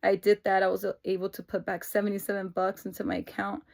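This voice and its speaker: A young woman vlogs casually about her week in a fast, creaky, monotone voice of medium pitch. She rambles with lots of fillers and restarts, laughing through tears as she tells her personal stories.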